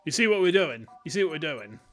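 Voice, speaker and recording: A man's voice: on the high side, sing-song, fast talker, faint music behind. A man streaming a game in casual chat, joking, swearing and laughing often.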